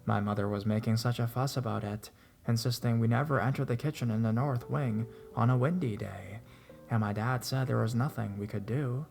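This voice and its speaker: A man narrating true ghost stories in a measured reading voice, at an ordinary middle pitch. He keeps a steady storytelling pace and lifts his voice when the tension peaks. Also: creaky. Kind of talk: scripted narration of reader stories.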